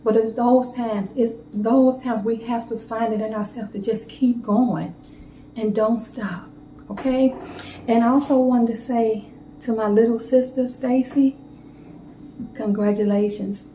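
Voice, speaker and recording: A woman chatting warmly to viewers as she bakes a cake in her home kitchen. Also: a little high, steady tone, measured pace, roomy sound, a little hiss or hum, low-quality recording. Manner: chatty, heartfelt, talks straight to viewers. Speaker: home baking vlogger. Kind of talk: casual cooking demo chat.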